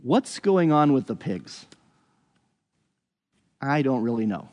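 A man walks through a scripture passage in an unhurried, conversational teaching voice at a middling pitch. He thinks out loud, often restarting and hedging his sentences. His voice rings with a long hall reverb. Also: very animated. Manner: thinks aloud, with frequent restarts and hedges. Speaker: Bible teacher.

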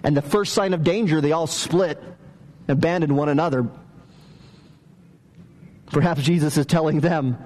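High-voiced man preaching a sermon. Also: normal speed, pauses often, a little mellow. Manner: conversational, story-driven preaching with asked questions. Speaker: pastor.

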